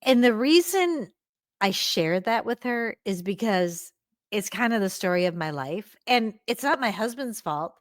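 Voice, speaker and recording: A woman's voice: mid-range voice, expressive, a little slow, no echo. A middle-aged woman hosting a solo podcast, talking earnestly and encouragingly to her listeners in a close, reflective way. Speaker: podcast host.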